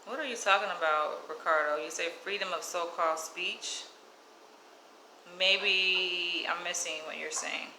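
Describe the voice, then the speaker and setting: Brief: woman vlogger, casual and outspoken storytelling, bright voice with a roomy echo. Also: a little slow, slight background noise. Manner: outspoken, animated, drops into higher mimicking voices when quoting others; casual speech with light cursing. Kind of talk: casual storytelling to camera, reading live chat.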